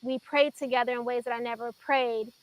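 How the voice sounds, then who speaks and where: A woman in her thirties from Chicago sharing an earnest, emotional personal testimony on a faith talk show, with pauses as she tells it. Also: a little high, fairly even intonation, poor audio.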